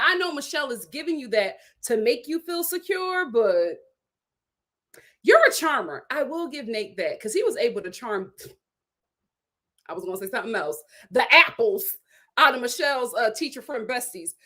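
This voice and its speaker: A young woman hosting a casual live recap of a reality show, laughing often and acting out what the cast said in put-on voices. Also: on the high side. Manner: animated, laughing, acts out quotes in other voices. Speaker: host.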